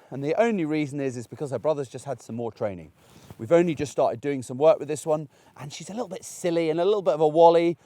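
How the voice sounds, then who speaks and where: A man's voice: on the high side, warm tone. Chatty man training a puppy. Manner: chatty, encouraging, with frequent restarts. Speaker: dog trainer. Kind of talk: outdoor training demonstration. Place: outdoors in a paddock.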